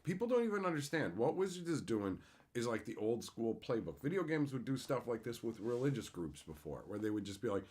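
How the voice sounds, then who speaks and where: A man ranting on a live stream, his pitch swinging widely as he talks. He is sarcastic and swears freely, and he breaks off to answer his chat. His voice sits at an ordinary middle pitch for a man. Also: sing-song, fairly quick, a little mellow. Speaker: streamer host. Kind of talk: profane livestream rant.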